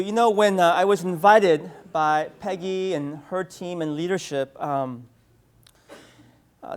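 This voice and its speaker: A man in his thirties from San Francisco, giving a humorous conference keynote with storytelling and playful asides to the audience. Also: fairly high pitch. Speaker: keynote speaker. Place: conference hall.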